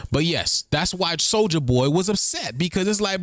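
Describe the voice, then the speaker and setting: Animated high-voiced man, lively ramble. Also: moderate pace, hardly any pauses, dry recording, studio quality. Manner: animated, rambling, repeats phrases. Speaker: host. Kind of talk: freewheeling spoken commentary.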